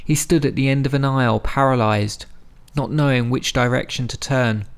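Male audiobook narrator, measured delivery, gravelly texture, mid pitch. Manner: steady, measured storytelling.

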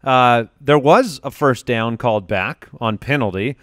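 A man's voice: mid-range voice, measured pace, fairly bright tone, no echo, clean studio sound. A man hosting a podcast in casual chat, upbeat and joking as he runs the show. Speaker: podcast host. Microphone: studio podcast mic.

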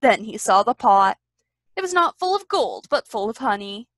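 A woman from a library reading a children's storybook aloud in an expressive, sing-song way. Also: fairly high pitch, normal speed, no room sound.

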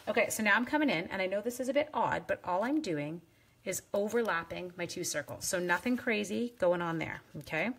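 A woman's voice: mid-range voice, expressive, fairly quick, background noise. A woman hosting a live craft demonstration, chatting playfully with viewers and teasing herself as she works. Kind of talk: casual live craft demo.

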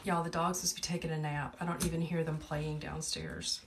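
A woman with a Southern US accent hosting a live wreath-making tutorial, chatty and talkative, with a calm, soothing voice. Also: low-pitched, normal speed. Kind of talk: live crafting tutorial chat. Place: home wreath workshop. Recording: a bit distant from the mic, faint background noise.

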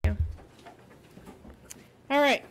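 A woman's voice: extremely slow, slight background noise. A woman reading a book aloud to children, stopping to explain words patiently and spell them out. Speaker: reader teaching children.

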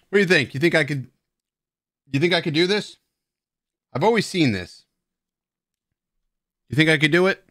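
A man's voice: fairly high pitch, lively intonation, measured pace, pauses often, fairly bright tone, no echo, studio quality. Rambling, self-mocking male stream host. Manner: tipsy and playful while drinking beer. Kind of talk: casual live-stream chat. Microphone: headset at a streaming desk.

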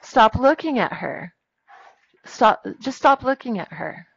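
A woman teaching a grammar lesson in a classroom, brisk and firm with her students as she dictates punctuation aloud. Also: a little high, expressive, vocal fry, husky, no echo, dull audio.

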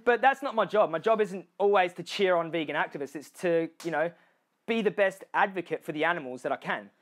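Animated Australian man giving a speech. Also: high-pitched, brisk. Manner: animated, addresses the audience directly with frequent "okay?" and "you know"; acts out other people's lines in changed voices. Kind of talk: motivational live speech.

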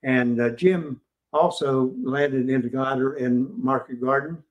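Speaking at medium pitch, an older West Virginian man delivers an informal museum lecture on history. He stumbles along with frequent fillers and false starts, and the audio is lo-fi.

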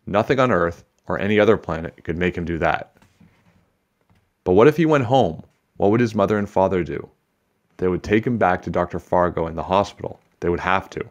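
A man reading a children's book aloud with steady, expressive storytelling. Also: low voice, a little fast, dull audio.

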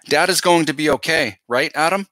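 A man's voice: a little high, a little fast, sharp tone, dry recording, studio quality, voice pushed up. A man reading aloud as a worried younger brother who questions and complains. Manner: protesting, questioning.

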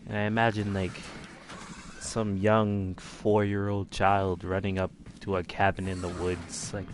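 A man's voice: low-pitched, level tone, a little slow, slight background noise. A man hosting a casual game walkthrough, rambling and poking fun at himself. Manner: rambling, self-deprecating. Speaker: gaming video host.

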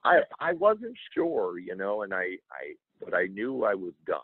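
A man's voice: low voice, unhurried, husky, dry recording. A man telling an emotional personal story as an interview guest, earnestly acting out what others said. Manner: earnest, animated, acts out quoted dialogue. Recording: tinny phone-like line.

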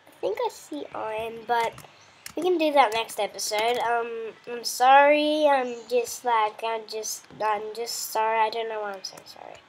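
A woman's voice: fairly high pitch, normal speed, a little hiss or hum. A woman giving casual, rambling gameplay commentary as the host of her own let's play, chatting playfully and talking to the animals in her game.

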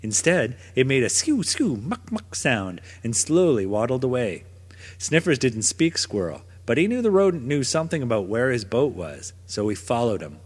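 A man reading a children's picture book aloud in a gentle, expressive storytelling manner. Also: mid-range voice, normal speed, hardly any pauses, husky. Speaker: storybook narrator. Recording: long reverb.

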